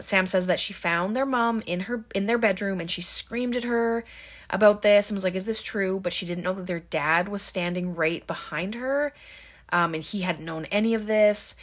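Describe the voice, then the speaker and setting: A woman's voice: fairly low pitch, fairly bright tone. Chatty woman recapping a movie. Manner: chatty, many ums and likes, quick quoted asides.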